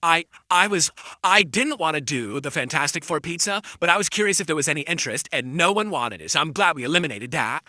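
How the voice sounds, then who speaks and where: Streamer guy ranting at haters, slightly high voice, dry close mic. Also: lively intonation, fast, sharp tone, no room sound. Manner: defensive, insulting rant at critics. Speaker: live streamer. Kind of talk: ranting live stream talk.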